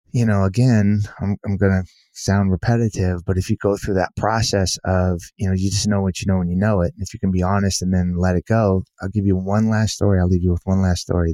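Earnest man with a mellow low voice. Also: little pitch movement, fairly quick, dry recording, studio quality. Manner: earnest, repeats himself, says "you know" often. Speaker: guest author. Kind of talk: casual conversational storytelling.

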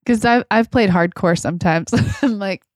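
A woman's voice: medium pitch, moderate pace, no echo, clean studio sound. A woman in her thirties hosting a casual chat, telling stories in a chatty, giggly way. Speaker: podcast host.

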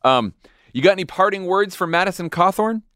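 A man's voice: high voice, expressive, a little fast, a bit bright, smooth, dry recording, clean studio sound. A man hosting a podcast, talking politics in a conversational, wry way. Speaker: podcast host. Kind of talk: casual political chat.

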